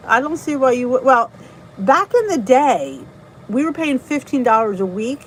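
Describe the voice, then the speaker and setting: A woman's voice: sits high, very animated, moderate pace, a little hiss or hum, low-quality recording. A middle-aged woman with a New Jersey accent, hosting a casual live stream, chatting, greeting viewers and laughing at herself. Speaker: channel host reading live chat.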